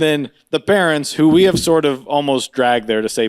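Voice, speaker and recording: A man's voice: moderate pace, smooth, no echo, clean studio sound. A man co-hosting a podcast, telling a funny story in casual chat, laughing often and mimicking voices. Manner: animated, laughs often, mimics voices with big pitch jumps. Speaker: podcast co-host.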